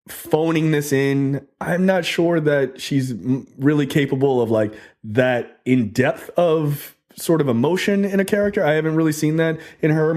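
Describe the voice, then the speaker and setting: A man's voice: a little high, darkish tone. Chatty man hosting a movie review. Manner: chatty, loose, many fillers. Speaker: podcast host. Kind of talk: casual movie review monologue.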